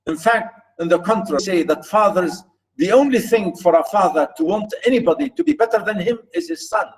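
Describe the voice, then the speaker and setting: High-voiced man explaining literature. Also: lively intonation, a little fast, poor audio. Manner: repetitive, explanatory, emphatic restating. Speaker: literature teacher. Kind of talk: recorded literature lecture.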